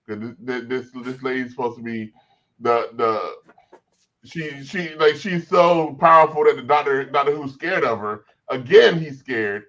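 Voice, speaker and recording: A man's voice: mid-range voice, normal speed, a bit bright, dull audio. A man on a casual panel show who stammers and repeats words while he gets his point out.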